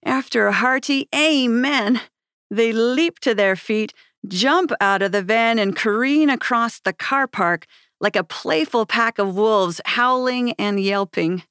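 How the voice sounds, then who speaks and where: A woman narrating her own memoir in a measured, earnest storytelling manner. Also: a little high, fairly bright tone, clean tone, no echo, clean studio sound.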